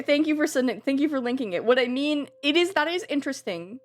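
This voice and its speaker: A woman's voice: high-pitched, expressive, quick pace. Giggly woman chatting on a live stream. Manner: chatty and giggly, swears casually. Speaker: streamer reading chat. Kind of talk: casual live-stream chat.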